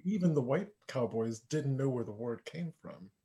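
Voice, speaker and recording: A man co-hosting an interview, summing up in a measured way. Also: mid-range voice, lively intonation, dark tone. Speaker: co-host. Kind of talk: casual interview chat.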